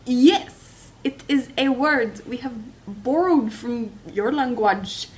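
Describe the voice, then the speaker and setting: A woman reading the part of a flustered male airline captain in a casual script read-through, hesitant and fumbling as he spins a tall tale. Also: fairly high pitch. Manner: hesitant, fumbling, then rushing.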